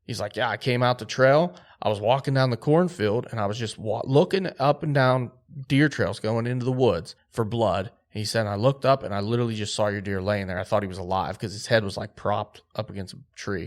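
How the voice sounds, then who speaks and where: A man telling a hunting story on a podcast, animated and acting out quotes. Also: lowish voice, a little fast, hardly any pauses. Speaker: podcast host.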